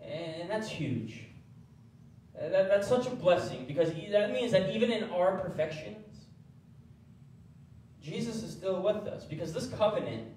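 A man preaching a sermon as pastor, animated, acting out the voices he quotes. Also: a little high, slight background noise. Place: church sanctuary. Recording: echoey church hall from far off.

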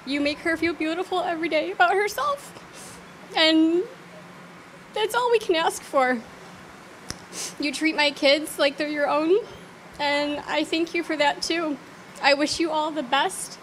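Middle-aged woman, very high voice, teary, halting, wedding toast. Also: fairly bright tone, slight background noise. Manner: emotional, halting, laughing, fighting tears. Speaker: mother of the bride. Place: wedding reception.

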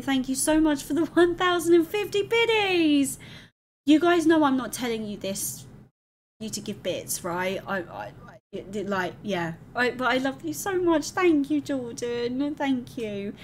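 A woman's voice: high voice, unhurried, slight background noise. A woman streaming live, chatting candidly and thanking viewers affectionately, calling them darling. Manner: candid and emotional, rambling. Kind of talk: casual live-stream chat.

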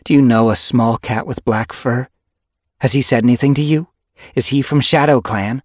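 A man doing a grieving female medicine cat in a storybook reading, her voice pitched well above his own and slightly husky. She snarls and pleads, raw with anguish, in a dry close recording. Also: fairly even intonation, normal speed, dry recording, lightly acted. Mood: demanding. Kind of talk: audiobook character voice.

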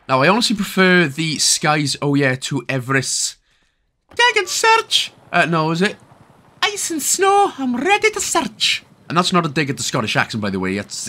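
A man's voice: mid-range voice, sharp tone. A man from Wales with a Welsh accent, giving a chatty, jokey game walkthrough full of rambling asides. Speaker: gaming video host. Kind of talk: casual game walkthrough commentary.

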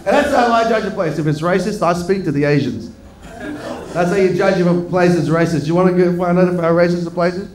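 A man doing a stand-up comedy set, brash and profane, teasing the crowd and breaking into shouts. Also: high voice, quick pace, a little hiss or hum. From Melbourne, Australia. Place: comedy club stage.

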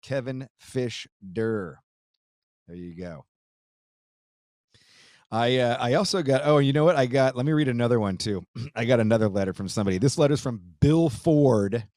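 A man's voice: mid-range voice, animated, moderate pace, long pauses, a little mellow, no room sound, clean studio sound. A man hosting his podcast, chatting casually and reading a listener's letter, loose and profane, laughing easily with frequent restarts. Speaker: podcast host.

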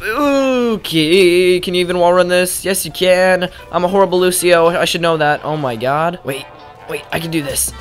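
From his home gaming setup, a young gaming YouTuber narrates his gameplay casually into a pop-filtered desk mic. He rambles, pokes fun at himself, and blurts out sudden exclamations, his high, somewhat bright voice moving at a moderate pace with faint music in the background.

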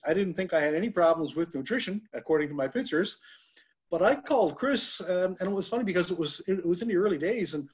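A man's voice: high-pitched, lively intonation, fast. Rambling Canadian man on a muffled call. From Newfoundland, Canada. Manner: rambling, many fillers and restarts. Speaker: guest telling his story. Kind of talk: casual testimonial. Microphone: video call. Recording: lo-fi video call audio.

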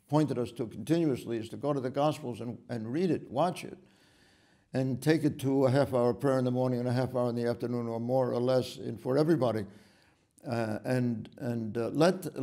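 A man giving a retreat sermon, retelling Gospel scenes in a halting way with many restarts. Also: mid-range voice, warm tone.

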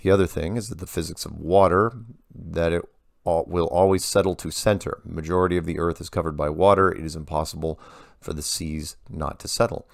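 Deep gravelly man reading viewer mail. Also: steady tone, brisk, no room sound, studio quality. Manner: rambling, with frequent restarts. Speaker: host answering viewer emails. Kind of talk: casual monologue.

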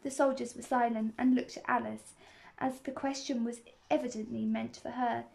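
High-voiced woman reading a storybook aloud. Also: moderate pace, creaky, very noisy. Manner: steady reading with small slips and restarts. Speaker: reader. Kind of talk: reading a children's novel aloud.

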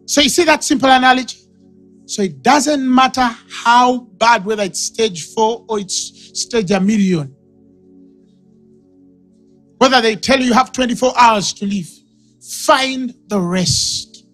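A man with a Ugandan English accent preaching a sermon, shouting and laughing as he acts out conversations with callers. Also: very high-pitched, a little slow, pauses often, soft background music. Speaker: pastor.

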